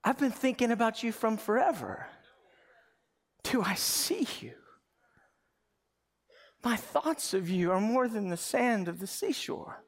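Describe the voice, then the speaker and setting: Fond, unhurried God the Father, gravelly and warm-hearted, voiced by a preacher. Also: high voice. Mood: tender. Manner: calm, affectionate, gently teasing. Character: tender, amused God the Father, male.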